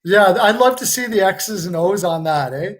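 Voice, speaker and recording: A man's voice: high-pitched, animated, moderate pace. A man hosting a live stream, reacting casually to a hockey game. He jokes, laughs a lot and swears freely.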